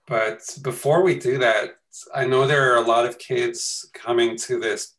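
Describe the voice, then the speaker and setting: A middle-aged man from Canada leading a conversation over a video call, gentle and measured as he asks questions. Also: medium pitch, fairly even intonation, low-quality recording. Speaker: co-author and moderator. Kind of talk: casual conversation.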